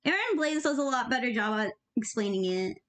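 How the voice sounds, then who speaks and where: A woman's voice: on the high side, animated, brisk. A young woman and animator chatting casually as she works, rambling and joking while handing out offhand tips. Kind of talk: casual commentary while working.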